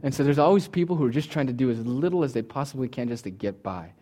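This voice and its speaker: A man preaching a sermon as pastor, rising to loud emphatic peaks and dropping to soft low asides, sometimes acting out the listener's imagined thoughts. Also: lively intonation, fast. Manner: acts out the listener's imagined thoughts in quoted voices.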